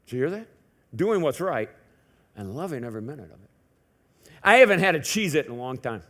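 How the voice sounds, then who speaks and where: High, animated preaching man. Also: brisk. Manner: conversational preaching with rhetorical questions and joking asides. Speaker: pastor. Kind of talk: sermon. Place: church sanctuary.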